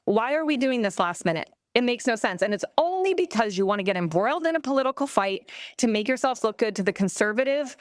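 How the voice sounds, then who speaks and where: A woman's voice: on the high side, animated, fast, hardly any pauses, no room sound. A woman in her thirties, a parent, speaking heatedly at a public school board meeting and filling her talk with "like". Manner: angry, heated, peppered with "like". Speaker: parent giving public comment. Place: public meeting room at a podium.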